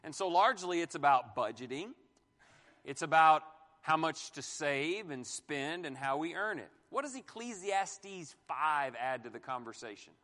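A man with a high, bright voice preaches to a class in an animated way, firing questions at the room and slipping in jokes. His voice rings through a hall with a long echo. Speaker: pastor teaching a marriage class. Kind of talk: sermon-style Bible teaching.

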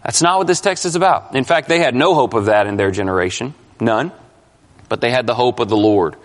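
A man's voice: mid-range voice, a little fast. A male pastor preaching an expository sermon, emphatic and questioning his congregation. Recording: long hall reverb.

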